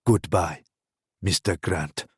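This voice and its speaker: A man voicing a menacing, mocking crown prince in an audiobook thriller, speaking in a low, scornful, taunting tone. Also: takes it slowly, a little mellow, breathy edge, no room sound, clean studio sound, exaggerated voice. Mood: contemptuous.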